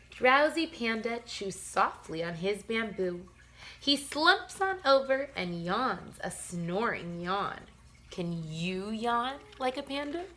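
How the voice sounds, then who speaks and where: A woman teacher reading a bedtime picture book aloud to young children, gentle and playful, with soft sighs and yawns. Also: medium pitch, a little hiss or hum.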